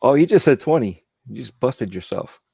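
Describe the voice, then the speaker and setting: A man's voice: medium pitch, animated, moderate pace, vocal fry, dark tone, husky, dry recording, clean studio sound. A man talking as a guest on a casual podcast, rambling and repeating himself with many "you know"s. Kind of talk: casual chat.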